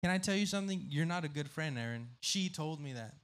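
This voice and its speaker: Loud, joking man with a higher voice. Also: lively intonation, quick pace. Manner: loud, swearing, jumps between joking and confessional. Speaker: podcast co-host. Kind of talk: casual podcast banter.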